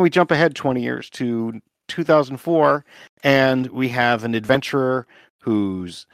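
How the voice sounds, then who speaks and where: A man co-hosting a casual podcast, joking his way through film picks and poking fun at himself. His mid-pitched voice is very animated, recorded close and dry. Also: dry recording. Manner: joking, self-mocking. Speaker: podcast co-host recommending films.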